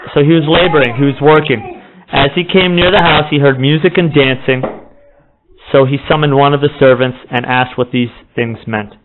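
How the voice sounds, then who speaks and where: A man preaching a sermon with passion, rising to near-shouts at emotional points. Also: medium pitch. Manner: impassioned, rising to near-shouts when voicing the father. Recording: tinny phone-like audio with background noise.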